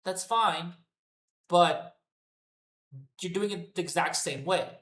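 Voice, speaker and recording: A man's voice: high-pitched, slow pace, a bit bright, echoey room. A man giving an unscripted, profane and exasperated solo rant reviewing a wrestling show.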